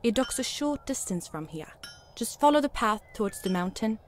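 A woman voicing a formal, learned scholar in a video game, measured and polite. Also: fairly high pitch, animated, a little hiss or hum, natural voice.

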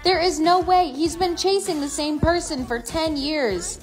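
A woman's voice: high-pitched, unhurried, faint music behind. A woman acting in a comedy skit, blunt and teasing.

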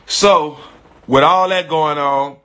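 A middle-aged man hosting a podcast tells a story casually in animated, profane slang, repeating his phrases. His voice is on the high side, slow and smooth.

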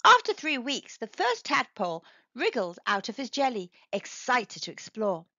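A woman reading a picture book aloud to young children in an expressive storytelling manner. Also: on the high side, moderate pace, no room sound. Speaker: storybook reader. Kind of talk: children's read-aloud narration. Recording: dry, slightly dull recording.

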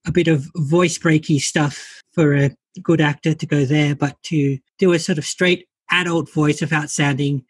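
A woman's voice: low voice, steady tone, normal speed, hardly any pauses, slightly rough, dry recording. A woman co-hosting a podcast, talking things through in a thoughtful, analytical way. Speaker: podcast co-host. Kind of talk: casual chat.

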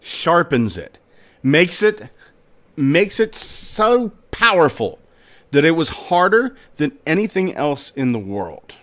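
A man hosting a podcast, narrating a folk tale in a dramatic, expressive storytelling manner. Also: fairly high pitch, slow. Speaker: podcast host.

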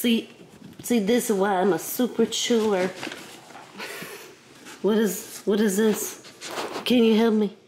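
A woman voicing a boastful young female dog who chatters playfully and gets easily excited. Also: mid-range voice, slow pace, pauses often, slight background noise, lightly acted.

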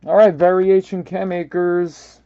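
A man's voice: high voice, flat delivery, a little slow, no echo, dull audio. A man with a New York accent hosting a live card break, casually calling out player names and stumbling over some of them.

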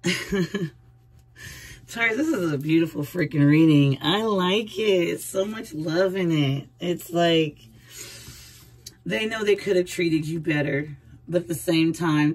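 A woman's voice: deep voice, a little mellow, husky, rough recording. A woman giving a casual tarot reading, chatty and speaking straight to the viewer with frequent laughs. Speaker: tarot reader.

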